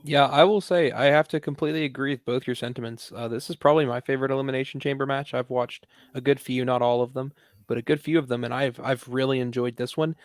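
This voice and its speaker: A man co-hosting a podcast, talking quickly and enthusiastically, stacking up repeated phrases of praise. His mid-pitched voice sounds close and dry. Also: steady tone, dry recording. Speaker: podcast co-host. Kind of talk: casual chat.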